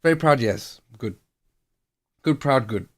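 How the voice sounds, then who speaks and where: A man's voice: medium pitch, expressive, unhurried. Rambling jokey man in his thirties. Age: 30s. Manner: rambling, jokey, laughs at himself. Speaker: streamer painting miniatures. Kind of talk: casual live-stream chat.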